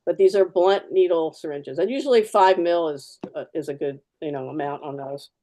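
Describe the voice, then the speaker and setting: A woman's voice: low voice, moderate pace, mellow. A woman artist giving a live fountain pen demo, chatty and practical, repeating key words for emphasis. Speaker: artist demonstrating fountain pens.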